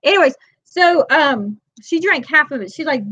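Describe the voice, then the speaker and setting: A woman's voice: high voice, expressive, normal speed, pushed and bright, dry recording. A woman hosting a casual weekly chat for moms, telling stories and acting out her friend's lines. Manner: chatty storyteller who acts out friends' lines in quotes; addresses viewers as "girl". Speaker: host of a weekly moms' chat. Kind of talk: casual live chat to viewers. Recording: dull, dry lo-fi webcam audio.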